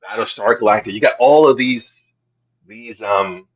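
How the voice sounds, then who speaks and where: A man talking earnestly and slowly about Bible verses in a casual discussion, often restarting his sentences. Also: lowish voice, husky, muffled recording. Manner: slow, earnest preaching tone with many restarts. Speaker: co-host of faith podcast.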